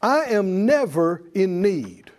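Emphatic high-pitched preacher man. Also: sing-song, slow, a little mellow. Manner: call-and-response preaching, emphatic repetition. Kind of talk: sermon. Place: church with congregation.

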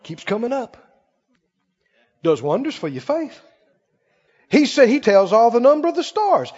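A man preaching a sermon, swinging from booming scripture reading to quiet, quick asides to the congregation. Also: very animated. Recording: muffled sound in a long reverberant hall.

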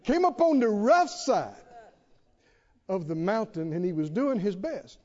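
High-voiced preacher in an echoing church. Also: male voice, unhurried. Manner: animated storytelling with humor, calls for congregation responses. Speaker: pastor. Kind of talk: sermon. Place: church sanctuary with congregation. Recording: dull reverberant church recording.

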